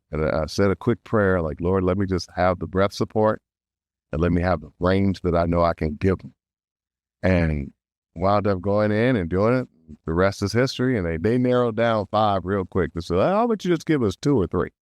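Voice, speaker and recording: A middle-aged male voice actor, a guest in an interview, telling a story in an animated way and acting out quotes with big jumps in pitch. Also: no room sound.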